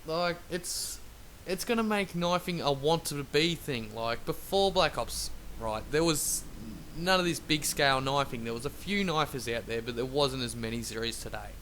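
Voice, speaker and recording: A man's voice: on the high side, animated, moderate pace, fairly bright tone. Angry, foul-mouthed male gamer ranting. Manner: angry, profane, rambling. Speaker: gaming YouTuber. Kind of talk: angry rant over gameplay. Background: faint traffic noise.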